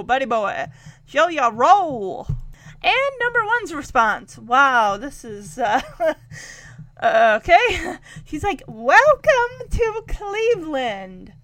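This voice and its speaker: Animated high-voiced woman podcaster. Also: dry recording. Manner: animated, acts out characters' lines. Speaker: podcast host. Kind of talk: casual retelling of a show episode.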